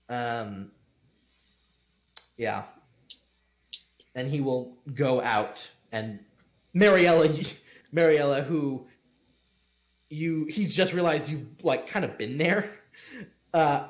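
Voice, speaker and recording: A man's voice: fairly high pitch, slow pace, pauses often, reverberant. A man narrating as game master in a tabletop game, rambling with fillers and laughing along.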